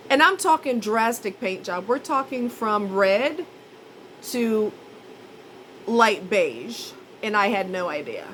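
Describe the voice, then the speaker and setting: A woman's voice: mid-range voice, animated, takes it slowly, fairly bright tone, slight background noise, low-quality recording. A woman telling a rambling, self-mocking story in a chatty, casual way. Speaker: vlogger.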